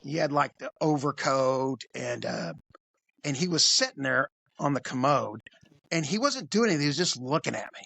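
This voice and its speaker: A man, a police officer, telling a crude story in an animated, conversational way. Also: mid-range voice, normal speed, creaky, dry recording. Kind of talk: casual storytelling.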